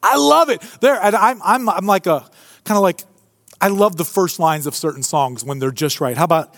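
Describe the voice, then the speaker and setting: A male pastor preaching a sermon to a live congregation, animated and humorous in a conversational way. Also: sits high, normal speed, dry recording, studio quality. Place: church before a live congregation.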